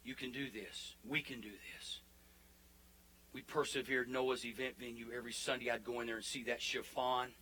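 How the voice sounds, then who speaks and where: A man preaching a sermon as pastor, building to fervent declarations and dropping into soft, hushed prayer. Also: medium pitch, fairly even intonation, normal speed, slight background noise, low-quality recording.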